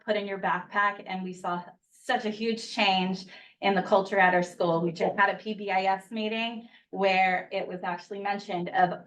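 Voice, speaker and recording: A mother in her thirties makes a public comment to a school board, earnest and at times choked with feeling. She stands some way back from the podium mic, so her voice sounds a little distant in the meeting room. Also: mid-range voice. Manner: emotional, earnest, rushed at times. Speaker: parent speaking at public comment.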